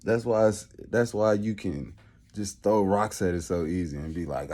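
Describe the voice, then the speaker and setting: A man rants casually with a mellow, warm-toned voice. His talk is profane and emphatic, full of skeptical asides. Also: fairly low pitch, normal speed. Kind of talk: casual rant.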